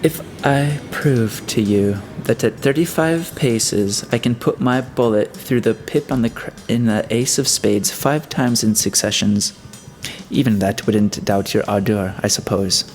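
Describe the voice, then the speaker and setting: A man's voice: lowish voice, measured pace, faint music behind, natural voice. A man voicing a menacing, mocking middle-aged schemer in a storybook reading, familiar and cajoling.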